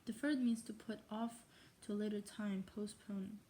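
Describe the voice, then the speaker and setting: Her mid-range voice stays fairly even and mellow at a moderate pace as she casually reads a novel aloud in a put-on English accent. Stumbles and self-mocking asides come often, and there's a little hiss or hum.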